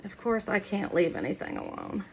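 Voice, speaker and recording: A woman's voice: medium pitch, huge pitch swings, normal speed, creaky, slight background noise. Chatty woman narrating a DIY makeover. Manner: chatty, self-deprecating, talks while working. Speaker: furniture makeover creator. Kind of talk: casual DIY tutorial chat. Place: home workroom, indoors.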